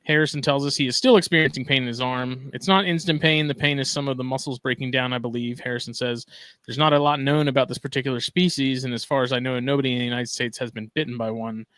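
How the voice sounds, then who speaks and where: A man's voice: mid-range voice, steady tone, fast, a bit bright, no echo. A man co-hosting a casual podcast, talking in a laid-back, drawling way and reading news items aloud. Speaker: podcast co-host.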